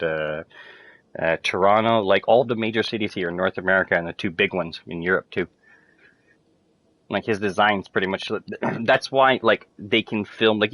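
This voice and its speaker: A gamer streaming to friends chats casually while playing a video game, rambling with plenty of fillers and swearing freely. His voice sits low and a bit bright, in a dry recording.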